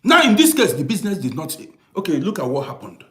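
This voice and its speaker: A middle-aged man telling a long personal story in a casual monologue, swinging from hushed asides to loud, emphatic points. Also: sits high, huge pitch swings, fast. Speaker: storyteller host. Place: living abroad in Germany.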